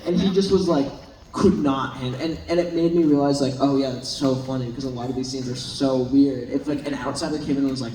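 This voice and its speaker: A young man on a convention panel shares animated, rambling stories at a brisk pace, his voice medium in pitch and broken up by frequent laughter. The recording is distant and echoey, taken in a large hall with a crowd in the background.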